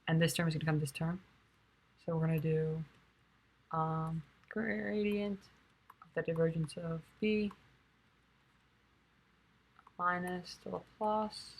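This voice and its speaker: A young woman, a physics tutor, sounds tired as she quietly works through a derivation. She thinks aloud softly and low-key, with plenty of fillers.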